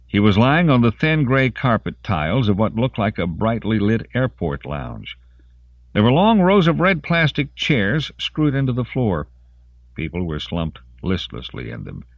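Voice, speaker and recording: A man narrating an audiobook in an expressive voice, lingering on grim detail. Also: lowish voice, measured pace, no room sound, lo-fi sound. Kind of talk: scripted narration.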